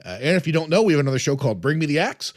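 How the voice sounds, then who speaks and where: Animated, high-pitched male podcast host. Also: rapid-fire. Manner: animated storytelling with stammered restarts. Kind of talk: casual chat.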